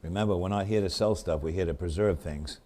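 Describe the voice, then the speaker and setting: This auctioneer has a low-set, dark voice and a New England accent. He calls bids in rapid, repetitive runs, breaking off now and then for chatty asides about the items.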